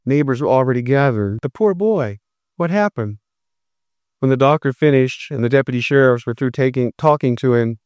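A man narrating a first-person story in a steady, reflective read. His voice is smooth and clear, and the recording is dry and close. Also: medium pitch, dry recording. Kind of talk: scripted narration.

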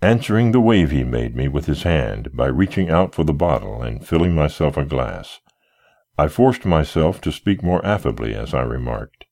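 A man narrating a period novel in the first person, with a deep voice that moves through lively, wide swings of pitch. His reading is expressive and climbs toward agitated pleading whenever the dialogue heats up. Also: normal speed. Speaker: audiobook narrator.

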